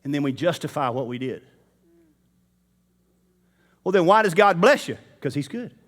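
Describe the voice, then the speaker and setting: A man's voice: a little high, lively intonation, normal speed. A man preaching a sermon in church, talking casually and straight to the congregation. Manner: conversational, addresses the congregation directly.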